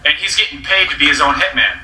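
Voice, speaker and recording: Young dude rambling on, super bright voice, mic far away. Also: male voice, a little high, fast talker, slight background noise. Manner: rambling, animated storyteller. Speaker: host. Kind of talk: casual chat among friends. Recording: roomy echo, distant mic.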